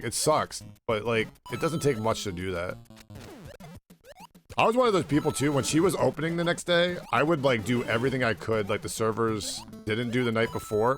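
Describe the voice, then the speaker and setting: A man's voice: mid-range voice, fairly bright tone. A young man streaming a game and chatting casually, rambling through a story full of "like" and swearing freely. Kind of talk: casual chat while gaming.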